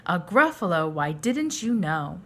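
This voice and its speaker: A woman's voice: lowish voice, very animated, a little slow, a bit bright, heavily acted. A woman voicing a small, clever brown mouse in a storybook read-aloud. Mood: polite.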